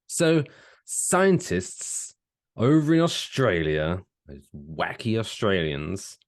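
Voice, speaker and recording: A man, co-hosting a casual podcast, telling stories with lively, swooping emphasis. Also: takes it slowly. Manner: animated storytelling, swooping pitch, laughs while talking. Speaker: podcast co-host.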